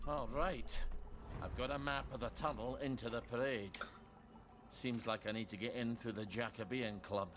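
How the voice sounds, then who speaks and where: A man's voice: mid-range voice, fairly even intonation, normal speed, background noise, close to an everyday voice. An actor with a Scottish accent playing a sardonic man on the run in a video game, trading dry quips. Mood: wry.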